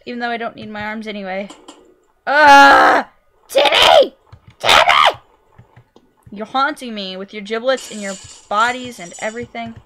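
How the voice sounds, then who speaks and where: A young woman commentating her own gameplay, goofy and excitable, yelping and squealing at what happens on screen. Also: fairly high pitch, fast, few pauses. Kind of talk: let's play commentary.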